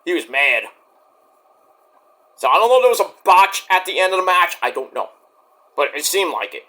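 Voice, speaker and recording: A man's voice: high voice, very animated, normal speed, pushed and bright. A man casually reviewing a wrestling show, rambling, swearing freely and going off on tangents. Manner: rambling, profane and digressive.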